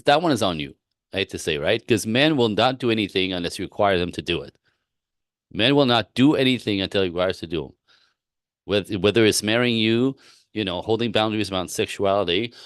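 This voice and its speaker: Deep-voiced blunt man giving relationship advice. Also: fairly bright tone, no room sound, clean studio sound. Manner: blunt, emphatic, repeats himself; acts out both sides of dialogue. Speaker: relationship coach. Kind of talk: live-stream advice talk.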